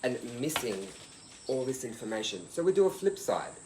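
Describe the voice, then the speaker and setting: A man's voice: mid-range voice, very animated, moderate pace, warm tone, roomy sound, a little hiss or hum, poor audio. A man who is a guest in an interview, jumping in eagerly with questions and then speaking to the audience directly. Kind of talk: conversational interview.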